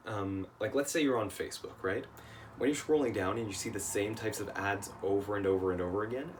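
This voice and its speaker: Tired male coach, low-pitched and worn, casual explainer, recorded a little off-mic. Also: distant mic. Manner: casual, says "right?" often. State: tired, voice shot. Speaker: email marketing coach. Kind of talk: casual video lesson.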